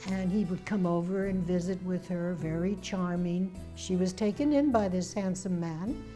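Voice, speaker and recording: Older lady telling her family's story, lively, mellow warm voice. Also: fairly low pitch, normal speed, soft background music. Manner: animated, acts out quoted voices. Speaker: memoir author. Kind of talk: personal storytelling.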